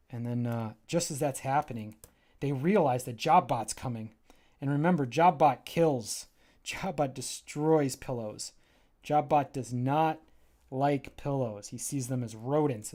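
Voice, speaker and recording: A man talking casually on a livestream as he pages through his own graphic novel. He rambles happily and trails off mid-sentence while hunting for pages. His voice sits at an ordinary middle pitch. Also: a little slow, darkish tone. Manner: enthusiastic, rambling and self-interrupting.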